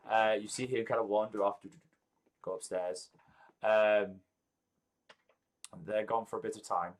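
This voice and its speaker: A man running a tabletop role-playing game, narrating scenes with a somewhat low voice. He pauses often with ums and restarts sentences. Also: fairly even intonation. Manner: halting, many ums and restarts. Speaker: game master.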